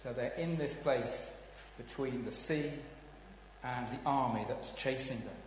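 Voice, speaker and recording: A man preaching a sermon, swinging between hushed tones and loud dramatic exclamations. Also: mid-range voice, unhurried, a little hiss or hum. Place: church. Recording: echoey hall, heard from a distance.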